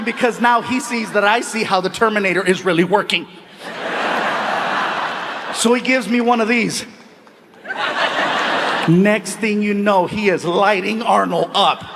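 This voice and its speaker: A man doing stand-up storytelling in an animated, excitable way, laughing along with his own story. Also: high-pitched, a little slow, long pauses, long reverb tail, noisy background. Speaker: stand-up comedian.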